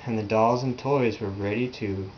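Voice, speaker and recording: A man patiently reading a picture book aloud to a child at home, gently prompting along. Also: lowish voice, steady tone, moderate pace, dull audio, a little hiss or hum. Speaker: reader.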